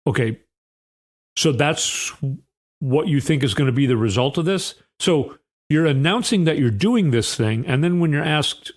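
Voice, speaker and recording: A man's voice: a little high, lively intonation, unhurried. A man hosting a political commentary show, sarcastic and often sighing. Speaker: host.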